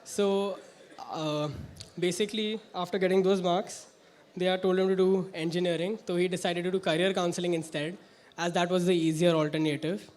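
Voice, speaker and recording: Young guy, high voice, dry jokey stage bit, kinda self-mocking. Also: fairly even intonation, normal speed, a little mellow. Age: young adult. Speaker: college student performer. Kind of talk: stand-up monologue.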